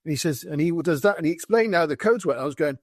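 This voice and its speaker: A man's voice: on the high side, fast talker, no room sound, studio quality. British man telling army stories. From Britain. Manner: animated anecdotes with quoted dialogue. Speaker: podcast guest, former soldier. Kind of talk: conversational storytelling.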